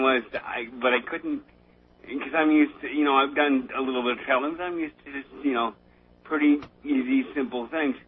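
A man in casual political chat, rambling and halting, often breaking into nervous laughter. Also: mid-range voice, husky. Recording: tinny phone-line audio.

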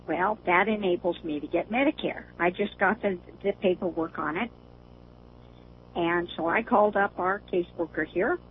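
On a hissy, tinny phone line, an older woman calls in to a show and chats in a relaxed way. Her voice is on the low side and her pace moderate, and laughter runs through much of what she says.

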